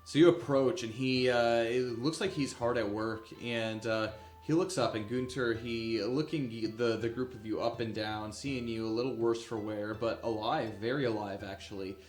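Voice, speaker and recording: A man narrating a tabletop game as game master, in a casual, halting way with many fillers. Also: medium pitch, fairly even intonation. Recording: echoey room with faint music.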